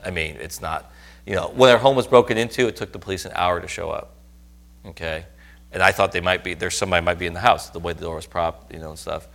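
A man's voice: low-pitched, fast talker, vocal fry, fairly bright tone. A middle-aged man preaching, telling a personal story earnestly and rising to emphatic outbursts. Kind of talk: sermon testimony.

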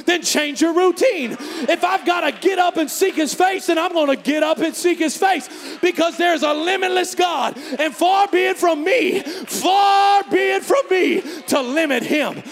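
Fervent, high-voiced shouting preacher. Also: male voice, unhurried, vocal fry, hardly any pauses, in a large hall, soft background music. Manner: fervent, shouting, call and response. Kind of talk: sermon.

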